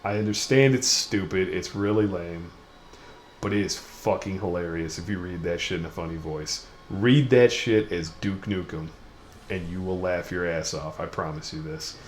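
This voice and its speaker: A man's voice: deep voice, lively intonation, normal speed. A young man hosting a gaming video, rambling through crude, self-mocking commentary while he plays. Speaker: gaming channel host. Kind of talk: casual let's-play commentary. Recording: echoey room with faint noise.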